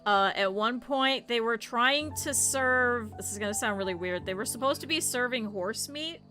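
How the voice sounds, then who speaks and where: Bright-voiced woman streamer telling stories. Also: fairly high pitch, normal speed, soft background music. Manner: animated, profane, laughing often. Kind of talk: casual livestream storytelling.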